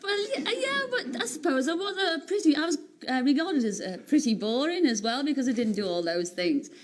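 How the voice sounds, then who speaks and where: A woman in her thirties with a Liverpool accent, chatting as a television talk-show guest. Her voice sits a little high, and her storytelling is animated and quick to break into laughter. There is a faint hum of noise behind her. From Liverpool, England. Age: 30s. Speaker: singer and TV entertainer, guest. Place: TV studio.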